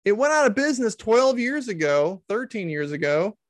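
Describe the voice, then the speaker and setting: A man's voice: sits high, big pitch swings, normal speed, no room sound. A man giving casual comedic commentary, sarcastic and incredulous, swearing freely.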